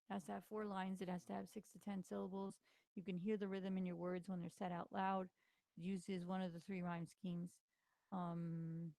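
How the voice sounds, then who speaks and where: A woman's voice: medium pitch, vocal fry, darkish tone, no room sound. A tired woman teacher giving a casual recorded lesson, talking informally with lots of fillers. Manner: chatty, informal, many fillers.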